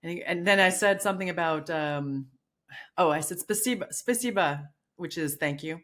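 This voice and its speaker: Middle-aged woman podcast co-host, lowish voice, animated storyteller who acts out quotes, casual chat. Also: normal speed. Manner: animated storyteller, many restarts and acted quotes.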